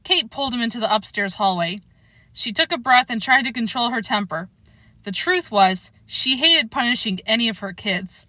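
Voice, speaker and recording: A woman reading a storybook aloud in an expressive way, acting out the characters' lines as she narrates. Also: on the high side, no echo. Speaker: storybook reader.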